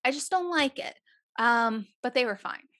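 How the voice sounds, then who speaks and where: A woman chats casually on a podcast, telling a story and acting out what people said, with plenty of swearing. Her voice is bright and forward. The sound is dry and close. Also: a little high, expressive, normal speed, no room sound. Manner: chatty, swears freely, acts out quotes.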